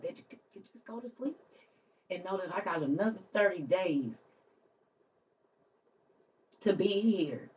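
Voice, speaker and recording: A woman who hosts a livestream and tells a story in a casual way. She laughs often and swings between soft, quiet lines and loud ones. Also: mid-range voice, far from the mic. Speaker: livestream host.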